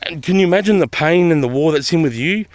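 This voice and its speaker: A middle-aged Australian man, an army veteran, talks casually to camera in a fairly high, animated voice at a quick pace, recorded dry. He's blunt and profane, hammering his points emphatically and repeating them.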